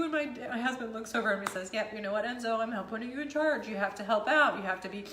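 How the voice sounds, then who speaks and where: Teary mom vlogger in an echoey room. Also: female voice, fairly high pitch, fast talker, few pauses, fairly bright tone, a little hiss or hum. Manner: tearful, rambling, self-deprecating, laughs through it. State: teary after crying. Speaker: vlogger, mother of two. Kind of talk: emotional personal vlog.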